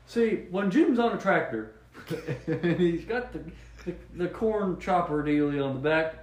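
A man's voice: on the high side, a little slow, echoey room, poor audio. Man rambling through absurd explanations. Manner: rambling deadpan absurd explanations, laughs at own jokes. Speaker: podcast co-host. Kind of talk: joking casual chat.

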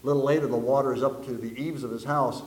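A man's voice: mid-range voice, fairly even intonation, fast talker, a little mellow. A man preaching a sermon, telling jokes and stories and acting out the voices in them. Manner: folksy storyteller, acts out voices in jokes. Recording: echoey room.

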